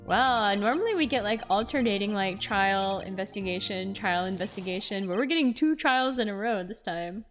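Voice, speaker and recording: A woman's voice: mid-range voice, moderate pace, hardly any pauses, soft background music. A young woman streamer giving giggly, playful commentary during a live game stream.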